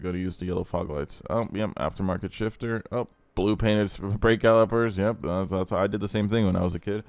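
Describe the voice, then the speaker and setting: Blunt, crude young man with a low voice. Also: a little mellow, no echo. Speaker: car channel host. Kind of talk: casual commentary.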